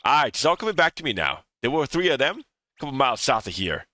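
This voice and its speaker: A man's voice: mid-range voice, big pitch swings, quick pace, bright, forceful tone. A man voicing a boisterous, drunk male pirate sea captain in a put-on pirate brogue, rolling his words and slurring them. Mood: sly.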